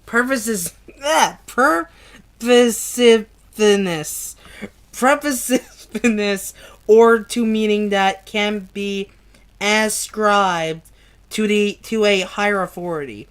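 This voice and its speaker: A woman reads a book aloud at a slow, deliberate pace, sounding out long words and often stumbling. She restarts words mid-way and breaks off to curse at her own mistakes. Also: medium pitch. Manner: stumbles over hard words, swears and laughs at herself. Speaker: amateur reader. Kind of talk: reading a book aloud, livestream.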